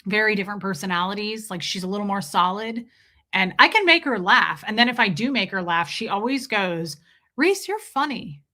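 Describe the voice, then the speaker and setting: A woman's voice: mid-range voice, brisk, sharp tone. A young woman hosting a livestream, chatting casually with her viewers, telling stories and swearing freely. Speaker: livestream host.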